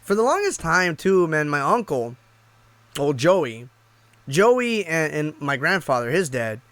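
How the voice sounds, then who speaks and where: A man's voice: a little high, very animated, unhurried, a bit bright, no room sound. A man casually telling a personal story, rambling and profane, with lots of restarts. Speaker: YouTube streamer.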